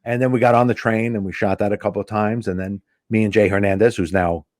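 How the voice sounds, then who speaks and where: A man's voice: lowish voice, fast, no echo, clean studio sound. A male comedian telling a casual anecdote as a guest, acting out the dialogue. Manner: animated anecdote teller acting out quoted dialogue. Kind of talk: casual storytelling.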